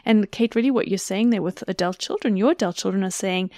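A woman's voice: mid-range voice, quick pace, dark tone, no echo. A woman, an author and podcast guest, explaining ideas in casual conversation with enthusiasm.

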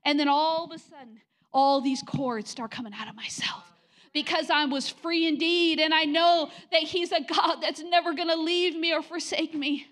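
A middle-aged woman pastor delivers an impassioned sermon in a high, light voice. She swings between urgent emphasis and soft, near-whispered tenderness. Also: steady tone, normal speed. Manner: impassioned, drops to soft whispers when quoting God.

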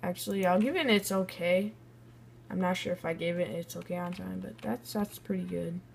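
A woman's voice: fairly low pitch, brisk, vocal fry, a little hiss or hum. A young woman casually commenting on a building game and bluntly rating other players' builds. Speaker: gaming video creator.

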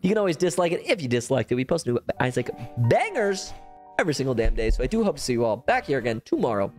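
Wildly animated excitable male gamer. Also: fast, faint music behind. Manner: hyper and excitable, jumping from squeals to low mutters; playful self-teasing chatter. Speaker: gaming channel host. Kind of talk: live gameplay commentary. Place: at home with a cat on his lap.

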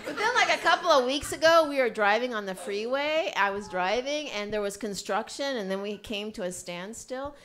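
A woman's voice: a little high, lively intonation, moderate pace, hardly any pauses, a bit bright. A middle-aged woman doing a stand-up comedy set, telling brash, profane stories. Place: comedy club stage.

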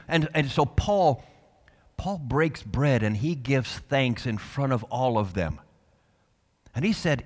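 Preaching pastor in an echoing church hall. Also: male voice, medium pitch, animated, takes it slowly. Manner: passionate preaching, swinging from soft to loud. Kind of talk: sermon. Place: church sanctuary.

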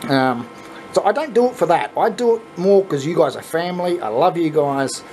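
A man with an Australian accent who hosts his own channel, chatting casually and excitably to viewers, laughing often and swearing freely. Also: on the high side, moderate pace, slight background noise, poor audio. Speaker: channel host. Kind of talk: casual video chat to viewers.

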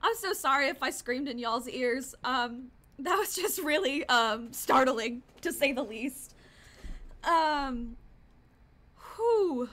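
A woman with a high, bright voice talks through a horror game as a streamer. She is jumpy and easily startled, gasping and cursing as she goes, but keeps an unhurried pace between frights. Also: expressive. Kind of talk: live game commentary.

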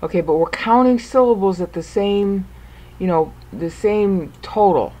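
A woman's voice: mid-range voice, a little slow, mellow. A woman teaching a screen-recorded Bible study lesson, talking patiently through the text, counting syllables aloud and breaking off now and then to restart. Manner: self-interrupting, with small restarts and asides. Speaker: Bible commentator.

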